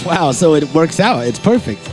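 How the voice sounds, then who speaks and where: A man chats during a movie with friends, with a slightly higher voice that swings up and down. He laughs often and mimics the characters. The film's soundtrack plays clearly behind him. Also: big pitch swings, unhurried. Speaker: co-host of a movie watch-along. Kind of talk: casual chat over a movie. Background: film soundtrack music.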